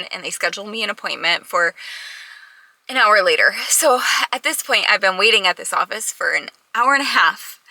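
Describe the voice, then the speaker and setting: A young woman tells a long story in a casual vlog, fast and exasperated, near tears. Her voice is very bright, with a gravelly fry at the ends of phrases. The sound is dry and close. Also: medium pitch, no room sound, poor audio. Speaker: vlogger.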